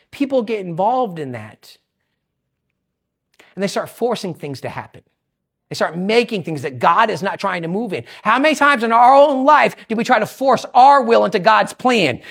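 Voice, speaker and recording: Animated high-voiced woman preaching. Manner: animated preaching, swings from loud bursts to hushed asides. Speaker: pastor. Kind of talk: sermon.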